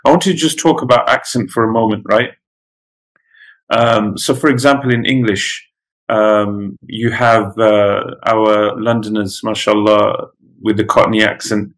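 Lecturing man, slightly low voice. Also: steady tone, a little slow, fairly bright tone, low-quality recording. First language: Pashto. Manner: conversational with many fillers and restarts. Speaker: teacher. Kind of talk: lecture to students.

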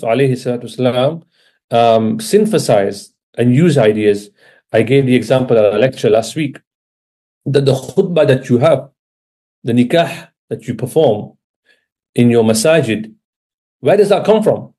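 With a mellow, medium-pitched voice, an Islamic religious teacher in Britain gives a laid-back lecture on religion. He speaks conversationally and checks in with his audience often.

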